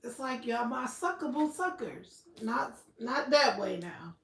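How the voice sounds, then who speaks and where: A woman's voice: fairly high pitch, animated, a little slow, creaky, fairly bright tone, slight background noise. A woman chatting casually on a livestream, blunt and profane. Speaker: livestream host. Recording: roomy echo, slightly far from mic.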